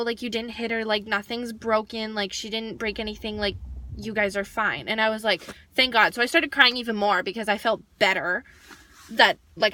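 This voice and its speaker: A young woman vlogger telling a story in a chatty, animated way, saying "like" constantly. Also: a little high, no room sound. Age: young adult. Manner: chatty, heavy use of "like", animated retelling. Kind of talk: storytime vlog.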